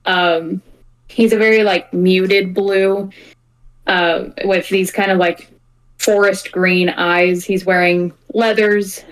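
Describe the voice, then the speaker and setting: A woman's voice: medium pitch, steady tone, slow pace, poor audio. A woman narrating a tabletop game as game master, chatty and rambling, with many fillers and giggles.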